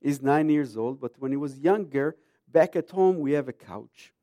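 A man in his thirties preaching a sermon emphatically, swinging between hushed lines and loud ones. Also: medium pitch, expressive, normal speed, no echo, clean studio sound.

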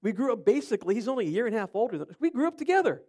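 A man's voice: very high voice, sing-song, rapid-fire, darkish tone. A middle-aged man from Ohio preaching an interactive sermon, chatting with his listeners and quizzing them by name. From Cleveland, Ohio.

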